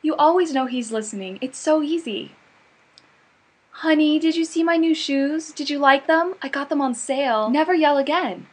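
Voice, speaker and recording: A woman playing a cheerful housewife in a mock commercial, with a chirpy sales-pitch delivery. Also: expressive, normal speed.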